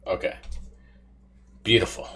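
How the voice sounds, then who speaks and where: A man's voice: measured pace, a loud crowd. A man playing a tabletop game, eagerly describing his character's attacks. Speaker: player. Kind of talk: casual tabletop game chat.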